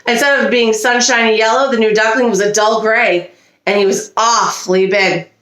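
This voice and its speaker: A woman reading a children's storybook aloud with expressive delivery and small slips. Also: a little high, normal speed, echoey room. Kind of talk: reading a picture book aloud. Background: a child nearby.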